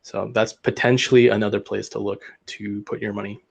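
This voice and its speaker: A man's voice: fairly low pitch, flat delivery, fairly quick, creaky, breathy edge. A man speaking as a guest in a casual market discussion, explaining earnestly and sometimes losing his thread.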